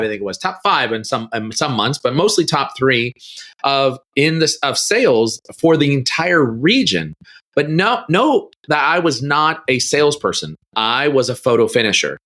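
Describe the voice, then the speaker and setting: A middle-aged man tells a story as a guest on a podcast interview. He has a bright, forward tone and acts out the people in his story with sudden jumps in pitch. He talks loosely and casually, like someone recounting an anecdote. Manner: animated storyteller, acts out quoted dialogue with big pitch jumps.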